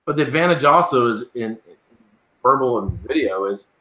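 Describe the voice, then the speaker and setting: A man's voice: mid-range voice, animated, normal speed, bright, forceful tone. A man co-hosting a casual live chat, explaining his views at length and often agreeing with "right". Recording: echoey room.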